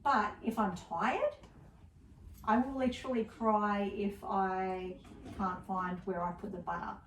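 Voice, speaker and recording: A woman's voice: mid-range voice, steady tone, unhurried. A middle-aged woman co-hosting a casual podcast chat, telling rambling stories about her day with a laugh here and there. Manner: chatty, rambling storyteller with frequent laughs. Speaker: podcast co-host. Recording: roomy, distant mic with faint background hiss.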